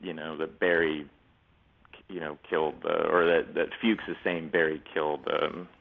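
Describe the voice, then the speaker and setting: A man in his forties, a guest on a talk show, telling lively stories and laughing often. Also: extremely low pitch, moderate pace, creaky, phone-quality sound. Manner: animated storyteller, laughs often, slips into quoted voices. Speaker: actor and guest. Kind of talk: casual interview chat.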